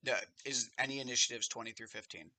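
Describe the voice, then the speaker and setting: A man acting as game master of a tabletop game, unhurried and pausing to check his notes. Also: medium pitch, bright, forceful tone, dry recording.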